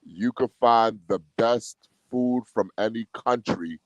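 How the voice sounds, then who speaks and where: A man calling in to a boxing chat, talking in a relaxed way and laughing easily. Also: medium pitch, takes it slowly, dry recording, low-quality recording. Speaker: guest caller. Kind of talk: casual chat.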